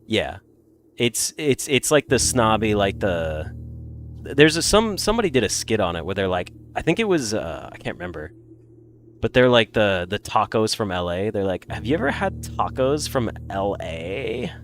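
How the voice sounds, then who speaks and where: A man with an American accent, a little congested, chatting casually with viewers in a rambling, animated way. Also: lowish voice, normal speed, a little hiss or hum. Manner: animated, rambling, swings between loud bursts and mutters. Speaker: streamer.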